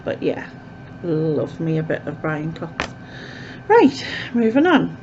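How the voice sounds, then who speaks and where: A woman's voice: deep voice, sing-song, slow, a little mellow, a little hiss or hum. A woman chatting casually as a vlogger, rambling with lots of fillers, recorded with dull, lo-fi sound. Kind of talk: casual chat to camera.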